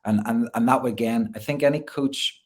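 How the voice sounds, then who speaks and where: A man's voice: medium pitch, moderate pace. A man, a gymnastics coach, talking earnestly as a guest in a casual interview, often repeating words as he restarts.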